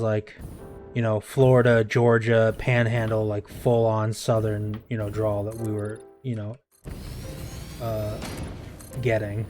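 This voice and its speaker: A man's voice: on the low side, a little mellow. A man streaming himself playing a game, talking casually and rambling, often correcting himself mid-sentence. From United States. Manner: rambling, self-correcting, chatty asides. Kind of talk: casual commentary over gameplay. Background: music in the background.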